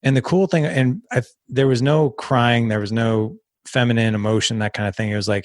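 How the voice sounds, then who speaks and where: A man in his thirties, a guest on a podcast, telling a personal story in casual talk and acting out quotes with sudden jumps in pitch. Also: brisk, hardly any pauses, no room sound, studio quality. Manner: animated, acts out quotes with sharp pitch jumps. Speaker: podcast guest, founder of a fathers' community.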